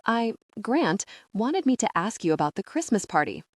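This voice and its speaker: A woman's voice: fairly high pitch, big pitch swings, moderate pace, dry recording, pitched above the performer's own voice. A woman voicing a haughty, scheming female coworker who speaks with disdain in an audiobook. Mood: nervous. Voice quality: disdainful, snooty.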